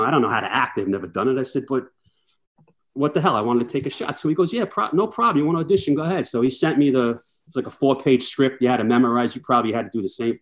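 A middle-aged man, a firefighter, telling lively anecdotes as a podcast guest and acting out the dialogue he quotes. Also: medium pitch. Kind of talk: casual storytelling chat.

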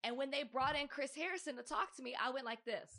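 A woman in her thirties talks on a podcast in an animated, emphatic way. Her voice is bright and clear at a middle pitch. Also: fast talker. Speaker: podcast co-host. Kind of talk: casual chat.

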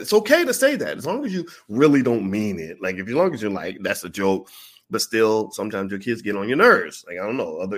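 A man vlogger telling a story in a casual way, acting out the people in it. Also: fairly low pitch. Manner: animated, acts out the people in his stories.

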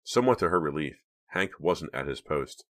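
A man reading an audiobook aloud as narrator, steady and measured. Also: rumbling low. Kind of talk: scripted narration.

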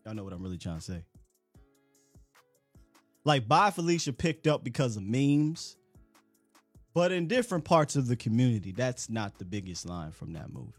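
A man hosts a live call-in sports show in casual chat. His pitch jumps around a lot as he talks, and his voice sounds dry and close to the mic. Faint music runs underneath. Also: dry recording. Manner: animated, talkative, quick asides.

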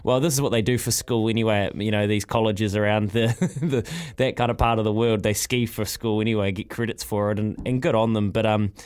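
A man's voice: fairly low pitch, steady tone, a little fast, darkish tone, clear, resonant tone. Male NZ breakfast host, casual and rambling, keen, plenty of false starts. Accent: New Zealand. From New Zealand. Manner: rambling, enthusiastic, many restarts. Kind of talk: casual radio chat.

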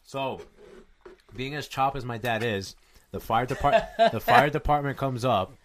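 A man's voice: medium pitch, lively intonation, measured pace, slight background noise. A man hosting a podcast, telling a rambling story in loose casual chat with plenty of swearing. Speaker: podcast host.

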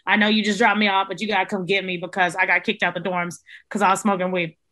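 A young woman, a podcast guest, telling a story in casual chat, animated and swearing freely as she acts out quotes. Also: medium pitch, quick pace. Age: young adult. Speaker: podcast guest, former resident assistant.

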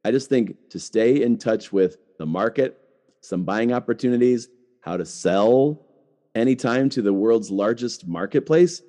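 A man's voice: mid-range voice, expressive, measured pace, warm tone. A middle-aged man hosting a podcast, talking casually with lots of "like" and restarts. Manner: chatty, full of "like" and restarts. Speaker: podcast host.

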